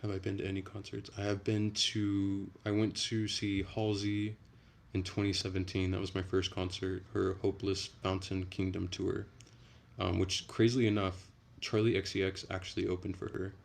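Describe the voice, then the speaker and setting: Deep, gravelly young man chatting. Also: moderate pace. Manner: relaxed, rambling, soft-spoken. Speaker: streamer reading chat. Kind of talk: casual late-night livestream chat.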